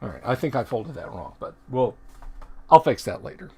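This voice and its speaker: A man's voice: medium pitch, big pitch swings, moderate pace, a little mellow, slightly rough. A middle-aged man hosting a casual livestream, talking in a rambling, chatty way and often correcting himself mid-sentence. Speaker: livestream host.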